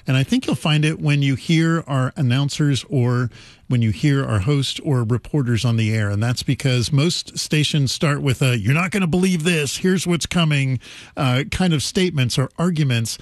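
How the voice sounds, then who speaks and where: A man speaking on public radio during a fund drive, relaxed and conversational, with a few filler words as he goes. He is heard close and dry on a studio microphone. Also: mid-range voice, moderate pace, no echo. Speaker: station general manager. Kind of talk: on-air fund drive appeal.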